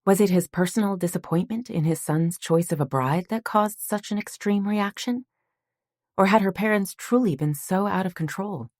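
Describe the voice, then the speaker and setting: Low-voiced woman reading an audiobook. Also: no echo, studio quality. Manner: calm, measured storytelling. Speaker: audiobook narrator. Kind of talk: scripted narration.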